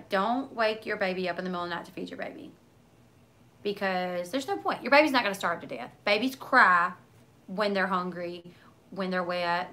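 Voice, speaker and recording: Bright-voiced chatty woman streamer. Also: mid-range voice. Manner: chatty, talks in run-on asides with many likes. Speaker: livestream host reading viewer comments. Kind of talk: casual chat.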